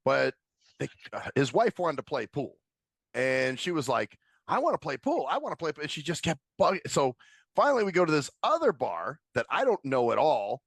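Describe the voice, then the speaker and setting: A man co-hosting a casual podcast chat, telling animated stories and laughing often. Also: mid-range voice, moderate pace, vocal fry, no echo, clean studio sound. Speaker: podcast co-host.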